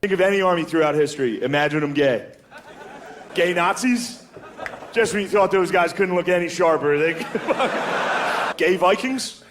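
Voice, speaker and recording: His voice is on the high side and his pace moderate as he works through a casual, profane comedy set, saying "dude" again and again. The live club audio includes crowd noise and laughter.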